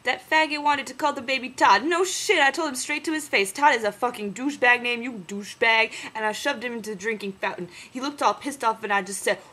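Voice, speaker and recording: A brash young guy rattles off his wild story with nonstop swearing and swagger, read out by a woman in her own voice. The voice sits a little high. It has the loose, breathless rhythm of a comic diary reading. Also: brisk, hardly any pauses, sharp tone. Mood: crude boasting.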